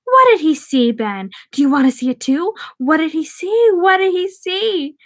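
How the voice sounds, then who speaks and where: A woman's voice: sing-song, moderate pace, fairly bright tone, full character voice. A woman reading aloud, voicing a cruel, shrieking clown monster that taunts a boy. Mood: taunting. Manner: shrill, mocking taunts.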